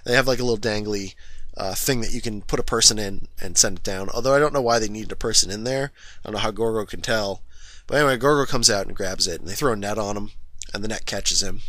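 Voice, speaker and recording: Man, low-pitched, casual film recap, filler-heavy and self-correcting. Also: fast talker, fairly bright tone, dry recording. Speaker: film reviewer. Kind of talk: casual movie plot recap.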